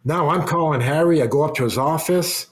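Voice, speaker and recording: A man's voice: a little high, fairly quick. A man, a former hockey player, telling a long casual anecdote in an interview, with restarts and the odd swear word.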